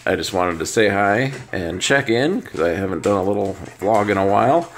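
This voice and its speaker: A middle-aged man vlogging casually from his couch, talking warmly and doting on his dogs. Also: lowish voice, moderate pace. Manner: warm, doting baby talk to his dogs. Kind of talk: casual home vlog. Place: home living room couch.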